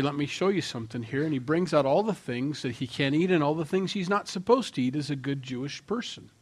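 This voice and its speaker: A man preaching a sermon with a mid-range voice. He talks in a relaxed, conversational way and acts out quoted voices, swinging between loud and hushed. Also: mid-range voice. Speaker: pastor.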